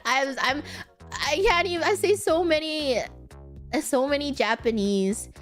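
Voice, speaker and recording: Giggly high-voiced woman rambling. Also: measured pace, soft background music. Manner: giggly, rambling, many fillers and restarts; apologetic about mispronouncing names. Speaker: streamer answering viewer questions. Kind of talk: casual chat.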